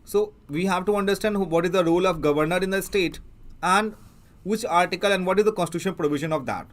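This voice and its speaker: A man with an Indian English accent teaching an exam prep lesson, explaining as he goes and pausing often with fillers and restarts. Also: sits high. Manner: halting, many fillers and restarts. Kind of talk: newspaper analysis lecture.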